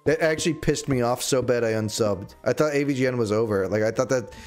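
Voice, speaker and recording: A young man chats casually while livestreaming a game, rambling along with jokey, sarcastic asides. His medium-pitched voice moves fast, and faint music plays behind him.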